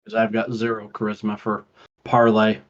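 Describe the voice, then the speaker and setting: A man's voice: lowish voice, monotone, moderate pace, lo-fi sound. A man playing a tabletop game, speaking in a matter-of-fact way. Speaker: player. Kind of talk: tabletop game role-play.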